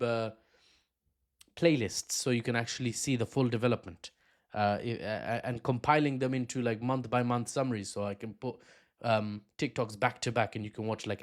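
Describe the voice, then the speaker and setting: Male commentator, mid-range voice, casual unscripted analysis, emphatic asides. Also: medium pitch. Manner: talking off the cuff with restarts and asides, emphatic. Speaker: online political commentator.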